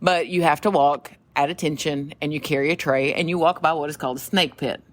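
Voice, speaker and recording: Low-voiced Southern woman telling stories. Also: a little fast. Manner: animated, laughs often, acts out quoted voices. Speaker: podcast co-host. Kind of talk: casual storytelling chat.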